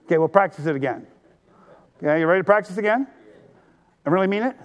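A male pastor preaching a sermon, animated and drawing the congregation to answer back. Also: high voice, quick pace.

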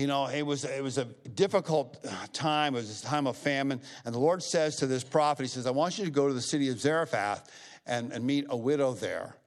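A middle-aged man leading a church service as pastor, folksy and repetitive, getting more animated as he retells a story. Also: medium pitch. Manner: folksy, repeats himself, rises when telling a story. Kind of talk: church service announcements and offering talk. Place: church sanctuary.

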